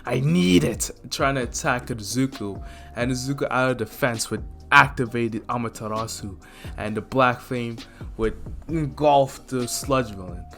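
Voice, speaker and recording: A young man spinning a fan-made what-if story, loose and rambling, tossing in fillers as he goes. His pitch sits in a middling range. Soft lofi music runs faintly in the background. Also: moderate pace. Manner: rambling, filler-heavy, relaxed. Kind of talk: casual fan-story narration.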